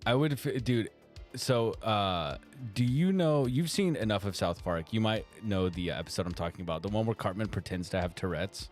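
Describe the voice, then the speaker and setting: A man's voice: on the low side, normal speed, soft background music. Chatty man reading stream comments aloud. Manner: animated, laughs often, reads viewer comments aloud. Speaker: co-host reading chat on a live art stream. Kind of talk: casual stream chat.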